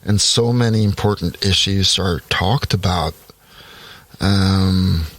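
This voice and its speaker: A man's voice: low voice, takes it slowly, fairly bright tone. A man from Norway with a slight American Southern accent, a podcast guest talking in a thoughtful, casual way. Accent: American Southern, from a Norwegian-born speaker. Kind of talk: casual conversation.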